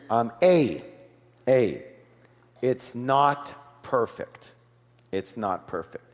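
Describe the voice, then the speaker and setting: Man, seminar speaker, mid-pitched voice, call-and-response with the crowd, big reverberant hall. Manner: lively, quizzes the audience with call-and-response questions. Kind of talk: live seminar talk to an audience.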